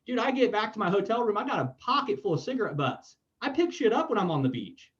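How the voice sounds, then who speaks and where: Man from Florida in his 40s, host, quick and animated delivery, blunt talker. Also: sits high. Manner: blunt, emphatic, swears freely. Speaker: podcast host. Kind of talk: casual political chat. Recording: dull lo-fi sound.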